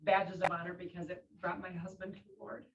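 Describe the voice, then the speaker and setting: A woman's voice: lowish voice, level tone, fairly quick. A woman on a coaching call sharing a personal story in a hesitant, heartfelt way. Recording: distant muffled audio with faint hiss.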